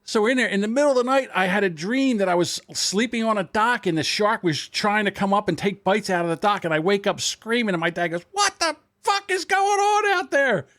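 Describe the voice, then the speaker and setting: A man's voice: high voice, a little fast, hardly any pauses, no echo, clean studio sound. A man, telling profane stories in casual podcast banter. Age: 60s. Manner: animated, profane storyteller. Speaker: podcast guest.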